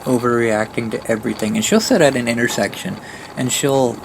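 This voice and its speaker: A gravelly, mid-range male voice with fairly even intonation and a slightly quick pace. The speaker, a Southern Ontario man who uses a mobility scooter, rambles through a casual vlog story, repeatedly starting over, with loud ambience behind him.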